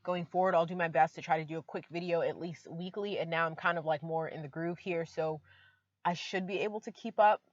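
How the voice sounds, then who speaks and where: A woman's voice: sits low, brisk, highs cut off. A woman vlogging from inside her car, chatty and emotional, with many fillers. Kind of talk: casual vlog talk to camera.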